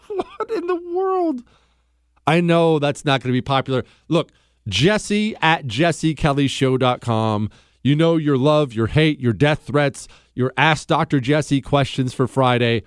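A man's voice: on the high side, very animated, takes it slowly, smooth, no room sound, clean studio sound. A man hosting a political talk radio show, sarcastic and mocking, often laughing at his own remarks. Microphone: studio microphone.

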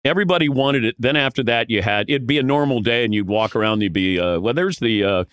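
A man guest telling lively stories from his broadcasting career, acting out the quotes. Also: medium pitch, fast talker, clear, resonant tone, no room sound, clean studio sound. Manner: lively storyteller who acts out quotes. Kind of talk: animated anecdote telling.

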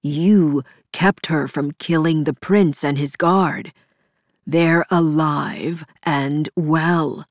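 A woman reader puts on a gentle but firm man who soothes a distressed companion, pitched a touch lower than her narration. He speaks very slowly and softly, in a dry, close storybook recording. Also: steady tone, dry recording, full character voice. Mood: calm. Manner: soft, careful, soothing. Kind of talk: audiobook character voice.

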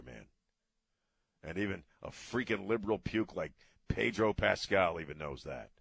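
Middle-aged guy ranting on talk radio, low voice, blunt and cussing, dry studio sound. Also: creaky, fairly bright tone, no room sound. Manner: blunt, ranting, casual cursing. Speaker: radio talk show host.

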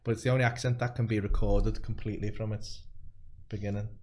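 A man's voice: on the low side, little pitch movement, fast talker, darkish tone. A man with a Scouse accent hosting a podcast, laid-back and swearing casually. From Liverpool, England. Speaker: podcast host. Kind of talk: casual chat.

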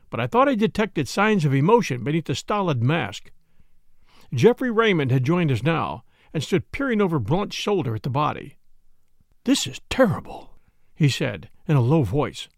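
A man narrating a first-person mystery as an audiobook, in a measured, expressive storytelling manner. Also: a little high, no echo, studio quality.

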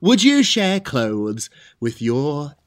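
A man hosting a celebrity gossip show, chatting in a lively, animated way. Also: fairly high pitch, slow pace. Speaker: host.

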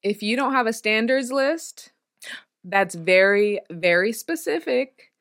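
A woman co-hosting a casual chat, calm and encouraging as she gives advice. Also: on the high side, slow pace. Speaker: podcast co-host.

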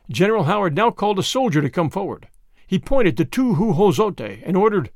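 Man reading a memoir, lively high voice. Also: brisk, no echo, studio quality. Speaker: audiobook narrator. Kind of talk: first-person memoir reading.

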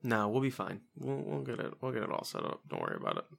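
A man's voice: mid-range voice, sing-song, fast, vocal fry, a bit bright, breathy edge. A man co-hosting a casual late-night podcast, joking loosely and laughing often. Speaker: podcast co-host.

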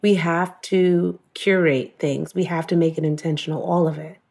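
A woman's voice: on the low side, steady tone, moderate pace, gravelly, a little mellow. A woman telling an emotional personal story in an earnest, conversational way, full of "like" and quoting her own thoughts. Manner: earnest, emotional, fillers of "like", quotes herself.

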